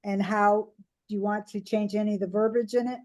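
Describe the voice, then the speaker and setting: A woman's voice: mid-range voice, a little fast. A woman chairing a city planning and zoning commission meeting, calling motions and votes in a procedural manner. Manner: procedural, steady.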